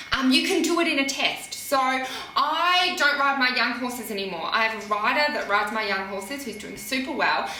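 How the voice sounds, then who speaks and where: Lively, bright-voiced woman coach. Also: on the high side, slight background noise. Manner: animated, laughing, acts out riders' thoughts. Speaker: riding coach. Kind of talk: casual coaching talk. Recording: echoey, from a distance from the mic.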